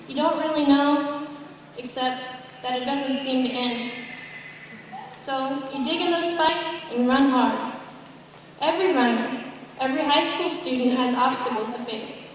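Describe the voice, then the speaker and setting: A woman's voice: high-pitched, a little hiss or hum. A young woman in her late teens giving a prepared graduation speech in an earnest, building pep-talk manner. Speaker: graduating student speaker. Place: large graduation ceremony hall. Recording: echoey hall recording from far off.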